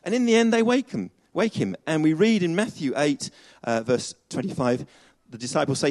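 A man's voice: on the high side, sing-song, moderate pace, a little mellow. A man preaching a chatty sermon to a congregation, with many fillers and restarts.

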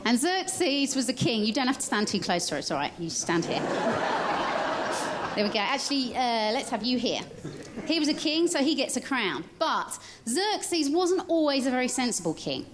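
A woman telling a Bible story during a church service, lively as she directs child volunteers. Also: sits high, normal speed, background noise.

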